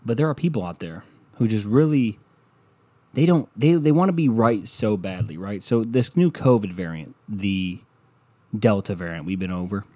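Male podcast host, profane comic ranter, lowish, recorded dry. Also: expressive, moderate pace, dry recording. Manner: ranting, sarcastic, profane, with sudden loud bursts. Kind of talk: rambling comedic monologue.

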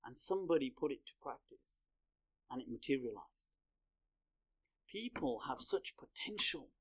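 A man's voice: mid-range voice, expressive, normal speed, slightly rough. A male religious lecturer speaking conversationally, telling a story as part of a lecture.

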